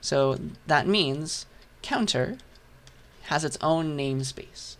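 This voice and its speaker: A man lecturing a programming class, patient and step by step while writing, his voice hoarse. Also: a little high, expressive, slow, a bit bright. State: hoarse, losing voice. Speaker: university lecturer. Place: lecture hall.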